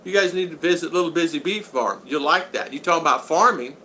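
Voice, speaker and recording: A man's voice: fairly high pitch, quick pace, sharp tone, a little hiss or hum, low-quality recording. Rambling folksy older man livestreaming. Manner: rambling and folksy, joking, repeats phrases. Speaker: channel host. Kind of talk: casual livestream chat reading viewer comments.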